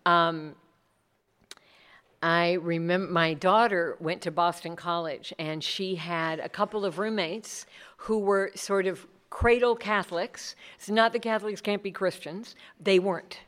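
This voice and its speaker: A woman's voice: fairly low pitch, fairly even intonation, a little slow, a bit bright, clean tone. A middle-aged woman speaking earnestly to a group about leading Bible studies, acting out the people she quotes. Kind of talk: talk with audience questions.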